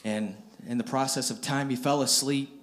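A man's voice: mid-range voice, fairly even intonation, normal speed, a bit bright. A man preaching a storytelling sermon, retelling scripture in plain everyday speech and often repeating and restarting his phrases.

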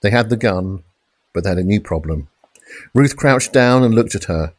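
A man reads a police thriller in steady, dramatic narration. His voice sits on the low side and sounds dry and close, with no room around it. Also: no echo. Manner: measured, dramatic crime reading with shouted police lines. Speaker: audiobook narrator. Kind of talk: scripted narration.

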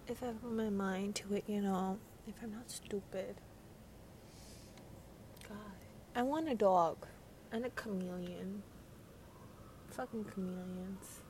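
A teenage podcast host sits by a window at night, rambling through a casual late-night monologue full of slang and swearing, sounding congested from a cold. Her mid-range voice has a darkish tone and moves slowly with long pauses, over a little hiss or hum.

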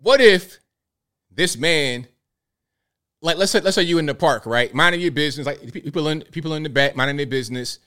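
Animated male show host. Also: on the high side, brisk, clean tone. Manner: animated, full of rhetorical questions. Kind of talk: live commentary show.

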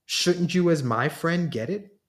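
A man's voice: on the high side, measured pace, pitched above the performer's own voice, lightly acted. A man reading a story, voicing a woman friend who speaks eagerly and pleads. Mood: pleading.

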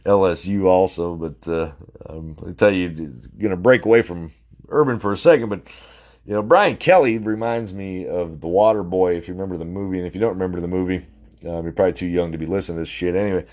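Deep-voiced man ranting about sports. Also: quick pace, darkish tone. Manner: rambling, blunt, with many fillers and restarts and occasional swearing. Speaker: sports podcast host. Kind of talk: casual sports opinion monologue.

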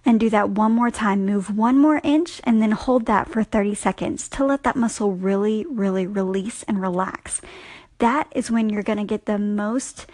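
A woman's voice: medium pitch, moderate pace, darkish tone, no echo. A woman casually explaining a fitness technique step by step, repeating the key points. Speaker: fitness coach giving tips. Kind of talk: casual instructional podcast.

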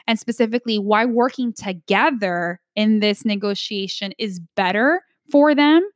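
A woman's voice: medium pitch, no echo, studio quality. A woman coaching an audience on negotiation in an emphatic instructional talk, often tagging her points with "right?".

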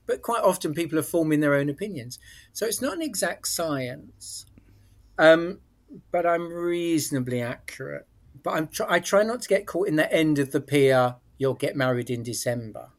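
A man's voice: on the high side, animated, normal speed. A man with a British accent, a guest on a podcast, explaining his work in a thoughtful way with frequent restarts. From England. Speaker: psychic medium guest. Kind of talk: casual interview chat.

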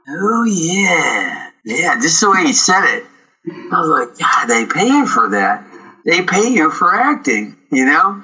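Middle-aged canadian guy telling stories, super bright voice, does the voices of people he quotes, kinda dull lo-fi audio. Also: fairly high pitch. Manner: animated, acts out quoted dialogue. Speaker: actor, guest. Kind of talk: casual storytelling interview.

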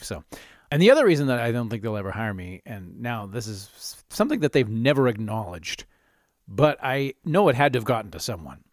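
A middle-aged man hosts his podcast alone, telling rambling, candid stories and chuckling at his own jokes. His pitch swings widely as he talks. The sound is dry and close, with no room around him. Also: no room sound. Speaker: podcast host. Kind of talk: casual monologue.

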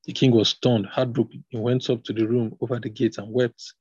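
A man's voice: medium pitch, level tone, brisk, a little mellow, slightly rough, dry recording. A man reading scripture aloud in a plain manner, stopping now and then to reread a passage. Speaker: scripture reader. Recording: dull, slightly lo-fi recording.

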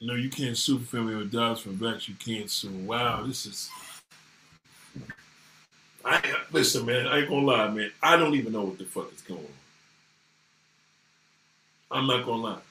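A man ranting casually to viewers, animated and swearing freely. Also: mid-range voice, moderate pace, long pauses, slight background noise. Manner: animated, swearing, voices others in quotes. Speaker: vlogger talking to viewers. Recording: echoey room.

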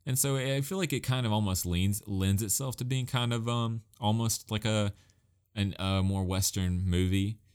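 A man with a deep, low voice talks casually as a host. He rambles, poking fun at himself and laughing now and then. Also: steady tone, normal speed, smooth. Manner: rambling, self-mocking, laughs often. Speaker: podcast host recommending anime. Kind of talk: casual talk.

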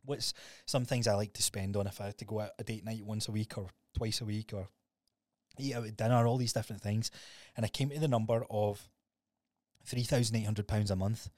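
A Scottish man in his thirties tells his story fast and candidly on a podcast, swearing freely. His voice sits a little low. The sound is dry and close. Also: steady tone, a little mellow, dry recording. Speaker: podcast co-host. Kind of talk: casual podcast chat.

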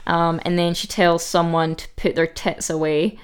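A woman co-hosting a podcast, recapping a reality show in casual chat with a dry, joking manner and quick quoted lines. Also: fairly low pitch, flat delivery, smooth. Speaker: podcast co-host.

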